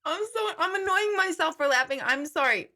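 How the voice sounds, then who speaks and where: A woman's voice: very high-pitched, lively intonation, a little fast, pushed and bright. A woman hosting a casual live chat with viewers, breaking into laughing fits, tired, apologizing and swearing as she tells a story. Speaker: livestream host.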